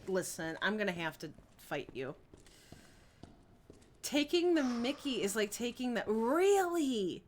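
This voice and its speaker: A young woman chats with her stream while she plays, giggling often and answering viewers. Her voice sits a little high and swings up and down a lot as she talks. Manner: giggly, chatty, reads chat aloud. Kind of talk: casual live-stream chat while gaming.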